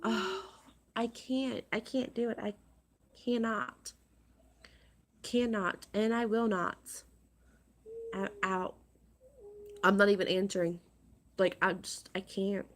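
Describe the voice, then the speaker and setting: A woman vlogging to her viewers, upset and agitated, talking in a halting, exasperated way and repeating herself. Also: mid-range voice, fairly even intonation. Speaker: crafting vlogger. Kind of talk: casual vlog rant to viewers.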